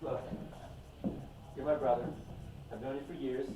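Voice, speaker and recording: A man's voice: mid-range voice, level tone, moderate pace, phone-quality sound. A man improvising a comedy scene in a frank, exasperated big-brother manner. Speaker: improv performer. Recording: echoey room from a distant mic with noise.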